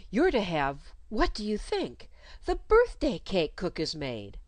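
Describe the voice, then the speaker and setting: A woman's voice: mid-range voice, big pitch swings, normal speed, dry recording, voice pushed up, natural voice. A woman doing a fussy, plaintive governess. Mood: coaxing. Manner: plaintive, coaxing, reproachful. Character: fussy, self-pitying small woman governess.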